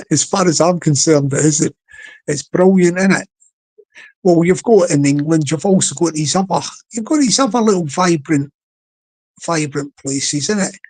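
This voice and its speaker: A man's voice: fairly high pitch, low-quality recording. A man hosting a livestream in casual chat, rambling, repeating words and chuckling often. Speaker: livestream host.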